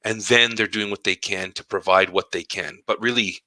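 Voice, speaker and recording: A man's voice: fairly low pitch, moderate pace, no room sound. A man who is an elementary school teacher, telling stories about his work in a casual podcast monologue and acting out conversations as he goes. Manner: animated storytelling, acting out conversations.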